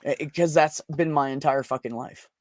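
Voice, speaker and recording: A man's voice: fairly high pitch, brisk, no room sound, studio quality. A man candidly telling a personal story in casual conversation, blunt and emotional, swearing often. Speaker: podcast host.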